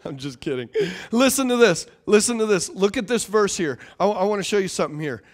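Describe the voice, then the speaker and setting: A man pastor preaching a sermon in a conversational, animated way, often repeating his phrases. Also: sits high, brisk.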